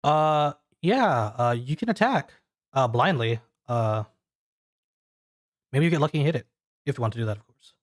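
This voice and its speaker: A man narrating as a game master in a descriptive, halting way, full of fillers. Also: medium pitch, animated, no echo, studio quality.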